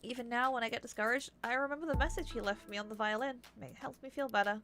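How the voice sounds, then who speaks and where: A woman reading the lines of a gentle young woman violinist, polite and soft-spoken. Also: fairly high pitch, steady tone, fast, slight background noise. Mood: wistful.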